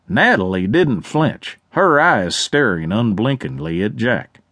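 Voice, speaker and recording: A man narrating a western audiobook with lively, expressive storytelling. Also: mid-range voice, measured pace, hardly any pauses, dry recording.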